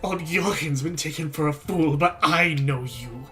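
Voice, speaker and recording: A streamer voicing a bitter, fearful old village woman in a horror game, sharp and accusing. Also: mid-range voice, measured pace, faint music behind.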